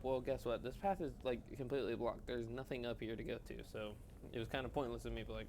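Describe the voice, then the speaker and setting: A man's voice: medium pitch, fast talker, hardly any pauses, a little mellow, slight background noise. A man doing a casual, rambling voiceover over his own gameplay, chatting and poking fun at his own choices. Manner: rambling, self-mocking, chatty. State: yawning, tired. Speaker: gaming channel host.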